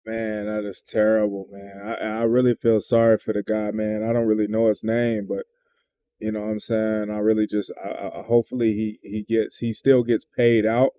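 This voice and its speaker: Laid-back male host, reacting to a clip in a mellow voice, recorded on dull, lo-fi audio. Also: lowish voice, level tone, moderate pace, a little hiss or hum. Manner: laid-back, drawls, says "man" a lot. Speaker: trucking channel host. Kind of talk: reaction commentary. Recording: dull lo-fi sound.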